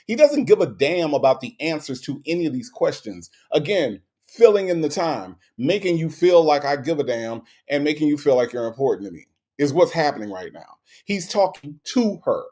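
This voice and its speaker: Guy hosting a commentary show, blunt and cussing a lot, voice a little on the high side. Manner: animated, blunt and profane, nitpicking words. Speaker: host reacting to a radio clip. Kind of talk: casual profane commentary.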